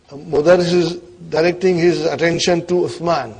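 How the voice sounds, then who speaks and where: Husky-voiced man teaching a class. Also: fairly high pitch, moderate pace, few pauses. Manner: coaxing, keeps checking in with the class; trails off quietly at phrase ends. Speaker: Arabic teacher. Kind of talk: classroom grammar lesson.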